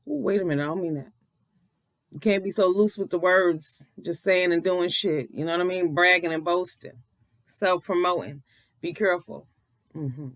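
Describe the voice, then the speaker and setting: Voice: medium pitch, moderate pace, dry recording, poor audio. Blunt, profane early-morning vlogger. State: just woke up, early-morning voice. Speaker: commentary vlogger. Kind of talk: casual commentary.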